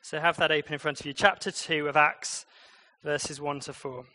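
A man preaching a conversational sermon in church, with lively changes in loudness and pace. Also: fairly high pitch, moderate pace.

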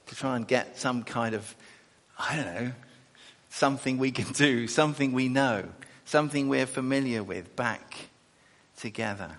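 A man preaches in a hall, and his words ring out with a long echo. His pitch leaps and dips as he talks, his voice has a gravelly edge, and he breaks off into chatty asides. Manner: animated, chatty asides, self-correcting. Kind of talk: sermon with scripture reading. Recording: echoey hall.

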